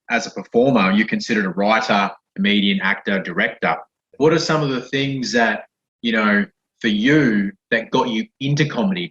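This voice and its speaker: A low-pitched man hosts a podcast, rambling through loose questions. His voice sounds dull and lo-fi. It carries a noticeable room echo. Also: a bit bright. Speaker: podcast host. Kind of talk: casual podcast interview.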